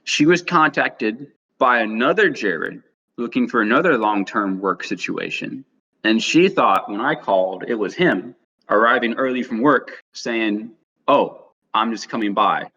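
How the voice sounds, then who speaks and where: A man's voice: mid-range voice, lively intonation, measured pace, bright, forceful tone, breathy edge. A young man on a podcast telling a rambling anecdote in casual chat, acting out the quotes. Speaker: podcast co-host. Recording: dull lo-fi recording.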